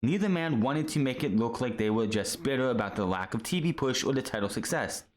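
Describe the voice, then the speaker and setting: A man's voice: medium pitch, animated, fairly quick. A man hosting a wrestling podcast, ranting casually with lots of swearing and stumbling restarts over names.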